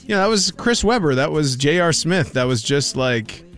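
Radio co-host guy, highish voice, ranting, really animated. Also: moderate pace. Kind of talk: sports talk radio.

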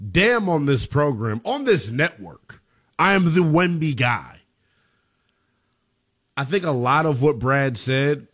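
A man's voice: medium pitch, a bit bright. A man hosting a sports talk radio show, emphatic and opinionated as he takes calls.

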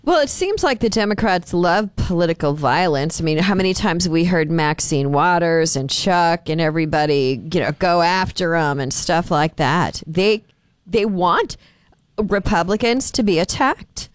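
A woman's voice: fairly low pitch, animated, normal speed, smooth, no room sound. A woman hosting a talk show, chatting casually with blunt, exasperated asides. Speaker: show host.

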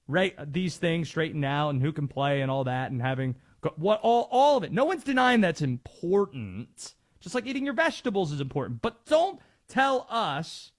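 Brief: male sports talk host, emphatic and mocking, unhurried with a deliberate delivery. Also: high-pitched. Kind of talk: sports talk radio rant.

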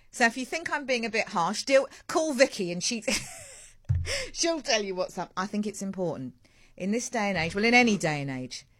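A woman hosting a live morning radio show, chatty and digressive with animated asides, in a studio. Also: mid-range voice. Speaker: radio host. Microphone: studio microphone.

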